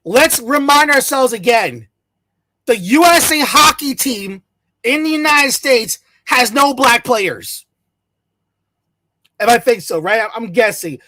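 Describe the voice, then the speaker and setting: A fired-up commentator rants alone to the audience, swearing freely and mocking opponents with sarcastic quoted asides. The voice sits at a middling pitch. The recording is dry and close, with no room sound. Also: expressive, slow, long pauses, bright, forceful tone, dry recording. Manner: heated, profane, sarcastic, mocks others in quoted voices. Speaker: channel host. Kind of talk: solo ranting commentary to camera. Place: in the United States.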